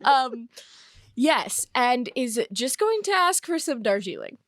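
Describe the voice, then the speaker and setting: A woman's voice: a little high, very animated, slow, fairly bright tone, dry recording, studio quality. A woman playing a tabletop role-play game, playful as she describes her character. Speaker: player.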